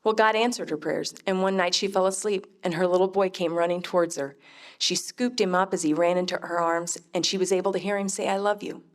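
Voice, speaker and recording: A middle-aged woman, a mother, telling her faith testimony in an earnest, heartfelt, measured way. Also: on the low side, fairly even intonation. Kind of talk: personal testimony storytelling.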